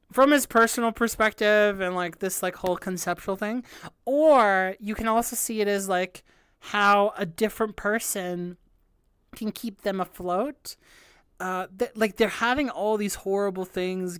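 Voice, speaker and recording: A young woman streaming a live music reaction, gushing and excitable, with lots of filler words. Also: medium pitch, smooth, dry recording, clean studio sound. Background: faint album music playing.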